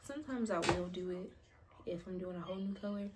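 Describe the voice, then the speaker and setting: She's an American woman in her twenties, a beauty vlogger painting her toenails and talking in a relaxed, slangy way, frequently lowering her voice to a whisper. Her voice is lowish, she talks fast, and the clip is very noisy.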